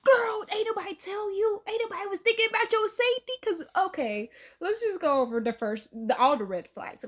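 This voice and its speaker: A woman hosting a reaction video from her bedroom at night, chatty and animated, laughing and calling her viewers girl. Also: high-pitched. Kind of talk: casual reaction commentary.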